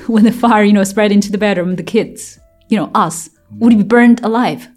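Recalling her childhood in an interview, a Chinese woman laughs at times through difficult memories, with plenty of fillers and restarts. Her mid-range voice has a darkish tone at a normal speed, and faint music plays behind her.

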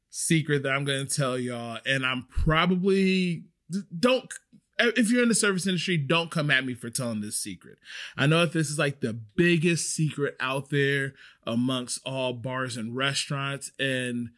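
A man with a slightly high voice talks straight to the camera. He works as a restaurant server and gives casual, emphatic advice. He repeats his points to drive them home. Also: a bit bright. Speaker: restaurant server sharing industry tips.

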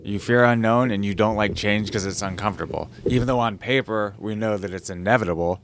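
A man with a lower voice joins a casual conversation, pausing and hedging before he makes his point. A faint noise sits behind him. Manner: hesitant, measured, with fillers. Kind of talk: casual chat.

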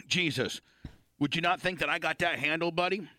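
A man's voice: fairly high pitch, moderate pace, sharp tone, no echo. A man hosting a radio talk show, joking and rambling in casual studio banter.

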